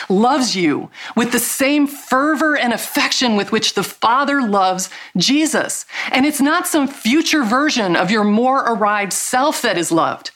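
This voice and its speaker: A woman's voice: on the high side, fairly bright tone. A middle-aged woman giving a devotional teaching talk, earnest and emphatic, drawing out key words. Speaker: Christian speaker.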